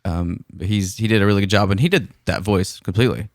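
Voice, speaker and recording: A man's voice: lowish voice, quick pace, no echo, clean studio sound. A man co-hosting a podcast in easygoing casual chat, often with short agreeing replies. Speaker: podcast co-host.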